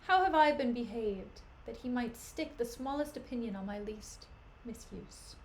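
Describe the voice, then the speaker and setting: A woman reading the part of a young noble wife who is hurt, weary and bewildered, in a soft, low, subdued voice. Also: lively intonation, normal speed, slight background noise, low-quality recording. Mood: sorrowful. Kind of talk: dramatic reading of a play.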